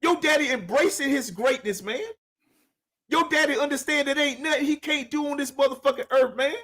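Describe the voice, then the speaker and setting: A man's voice: extremely high pitch, fairly quick, pushed and bright. A middle-aged man hosting a casual talk show, emphatic and repetitive, lecturing his guest with plenty of profanity. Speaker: podcast host. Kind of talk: casual chat.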